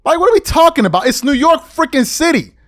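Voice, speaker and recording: A man's voice: very high-pitched, sing-song, fast talker, fairly bright tone, soft background music. A man hosting a podcast, delivering an exasperated opinion rant full of repeated rhetorical questions. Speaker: podcast host.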